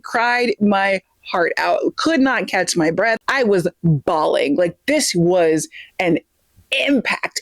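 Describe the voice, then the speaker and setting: A woman's voice: medium pitch, no room sound. Gushing, chatty woman book vlogger. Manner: chatty and gushing, with lots of fillers. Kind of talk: casual chat to camera.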